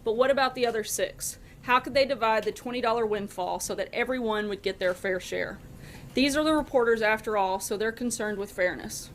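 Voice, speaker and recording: A woman narrating a story in a steady, storytelling manner. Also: a little high, a little fast, slight background noise.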